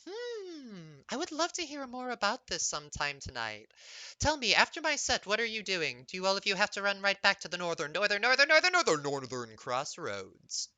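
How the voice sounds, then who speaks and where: A man's voice: high voice, huge pitch swings, normal speed, pushed and bright, no echo, pitched above the performer's own voice, full character voice, rough recording. A man voicing a flirty female bird-person bard who repeats and stutters words like a mimic. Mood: coy.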